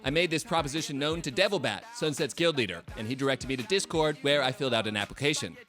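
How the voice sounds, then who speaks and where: A man in his late twenties tells a story in a scripted, comedic voice-over. He speaks at a mid pitch with a wry, sarcastic delivery. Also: fast, a bit bright, faint music behind. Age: late 20s. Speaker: video essay host.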